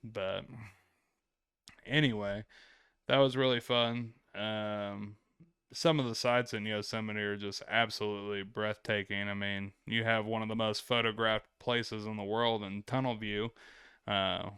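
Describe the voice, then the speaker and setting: A man's voice: on the low side, little pitch movement, unhurried, a bit bright, clean tone, no room sound, studio quality. A man hosting a vlog, telling travel stories in a laid-back, rambling way and swearing freely. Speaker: vlog host. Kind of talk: casual travel storytelling.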